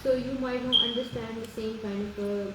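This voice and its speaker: A woman's voice: on the high side, steady tone, brisk. A woman guest in casual chat, speaking hesitantly with many fillers. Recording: very echoey room with noise.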